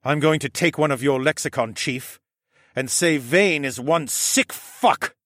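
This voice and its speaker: A man voicing a blunt, impatient young falcon man who snarls and pushes hard, in a raised, husky voice. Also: high voice, big pitch swings, moderate pace, a bit bright, no echo, clean studio sound, pitched above the performer's own voice, full character voice. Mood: heated.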